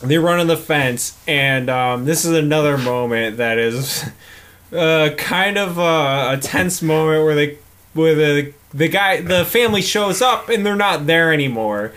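A man with a slightly higher voice talks through a movie's plot in a loose, joking way. He swears freely, laughs often, and slips into quick voices to act out what the characters say. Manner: swearing, laughing, animated retelling with quoted lines. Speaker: podcast co-host. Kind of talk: casual movie recap chat.

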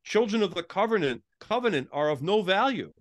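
A middle-aged man, a former pastor appearing as an interview guest, tells stories in a chatty, casual way, peppering them with "like" and acting out the dialogue of people he quotes. His voice is high-pitched with big pitch swings, and he talks fairly quickly.

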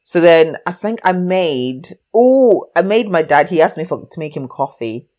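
A young woman telling a relaxed family story in casual chat. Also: fairly low pitch, normal speed.

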